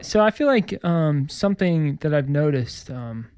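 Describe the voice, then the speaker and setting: A man's voice: fairly high pitch, animated, measured pace, darkish tone, clean tone, dry recording. A man hosting a casual, joking talk segment, rambling and playful. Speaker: segment host. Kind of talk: casual comedic chat.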